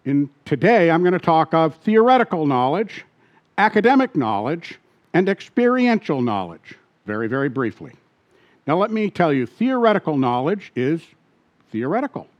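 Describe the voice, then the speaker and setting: Lively preacher man, lo-fi sound. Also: on the high side, moderate pace. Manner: asks the congregation questions and repeats key points. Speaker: pastor. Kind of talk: sermon.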